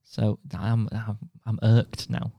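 A man co-hosting a casual podcast chat, wry and quick to laugh at himself. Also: on the low side, monotone, creaky, mellow, no room sound. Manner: wry, chuckling, easily amused. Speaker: podcast co-host.

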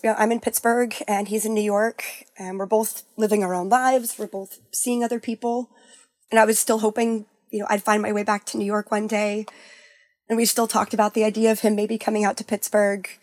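Woman guest, candid storyteller, mid pitch, hesitant with many restarts, drops near-silent on hard memories, dry close mic. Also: flat delivery, dry recording. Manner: halting, full of "like" and restarts, softening to near-whispers at sad moments. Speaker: guest sharing a personal story.

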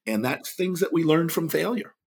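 A man's voice: fairly high pitch, animated, moderate pace, vocal fry, breathy edge. A middle-aged man, an author and speaker, telling stories in an earnest tone with frequent chuckles during a podcast interview. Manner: earnest, chuckles often mid-sentence.

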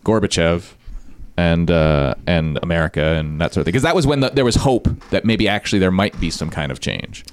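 A man's voice: deep voice, expressive, a little fast, smooth. A man co-hosting a podcast in casual banter, asking earnest questions and defending his mistakes. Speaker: podcast co-host.

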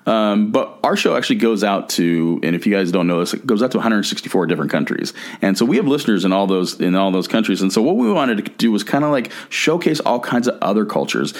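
A man's voice: on the low side, expressive, fast, few pauses. A man from the United States co-hosting a casual travel podcast, rambling with many restarts and fillers. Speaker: podcast co-host. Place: California.

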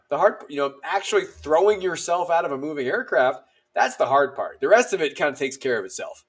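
Animated male army veteran telling stories. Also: fairly high pitch, fairly quick, hardly any pauses, breathy edge. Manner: animated, acts out dialogue, lots of fillers. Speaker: podcast guest, army veteran. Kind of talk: casual storytelling.

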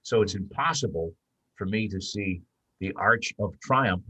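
Older guy with a low husky voice, telling stories animated, lots of restarts. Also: measured pace. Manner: animated storyteller, many restarts, bursts of emphasis. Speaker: guest, veteran sports broadcaster. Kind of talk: casual podcast conversation.

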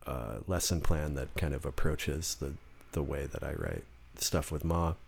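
A man's voice: very deep voice, measured pace, gravelly. A man guest on a podcast, talking casually about his songwriting with frequent restarts and acted-out quotes. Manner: rambling, restarts often, acts out quotes. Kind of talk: casual conversation. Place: in-person podcast studio.

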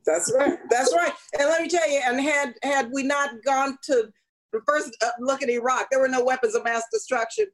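A woman's voice: sits high, normal speed, low-quality recording. A woman politician guesting in an interview, telling stories in an earnest, emphatic way. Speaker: congresswoman, guest. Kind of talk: conversational interview.

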